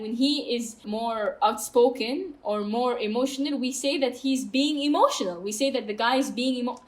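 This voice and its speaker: A woman's voice: fairly high pitch, a little mellow. A woman in her thirties from Saudi Arabia, talking candidly and emphatically as a podcast guest. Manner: outspoken and emphatic, quick asides. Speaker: guest, mountaineer.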